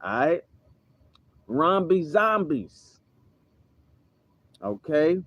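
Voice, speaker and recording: Male preacher, deliberate and emphatic, slow, dry and a bit muffled. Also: a little high, very animated, dry recording. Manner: emphatic, frequent "okay?" and "all right?" checks. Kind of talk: religious teaching. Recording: slightly dull, dry sound.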